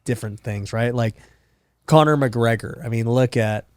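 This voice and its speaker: A man's voice: medium pitch, moderate pace, darkish tone, no room sound, clean studio sound. A man hosting a podcast, asking questions in a casual, slangy way. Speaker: podcast host.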